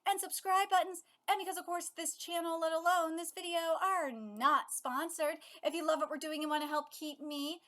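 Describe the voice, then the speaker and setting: A woman in her thirties hosting a manga reaction, chatty and excitable, swearing and gushing as she talks. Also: extremely high pitch, normal speed, few pauses. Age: 30s. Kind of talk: live reaction commentary. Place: home setup with her cat.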